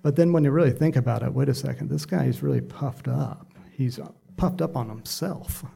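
Middle-aged male pastor, low mellow voice with gravel, rambling conversational sermon delivery. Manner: rambling, conversational, self-deprecating asides.

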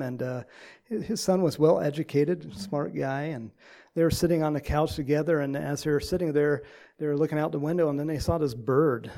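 Pastor guy preaching, gravelly voice, lots of uhs and pauses. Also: a little high, mellow. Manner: halting, many uh fillers, storytelling. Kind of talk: sermon.

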